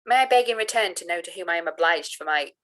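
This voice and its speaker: A woman's voice: on the low side, lively intonation, fast, fairly bright tone. A woman voicing a humble young man from an old novel, answering politely and a little hesitantly. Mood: earnest.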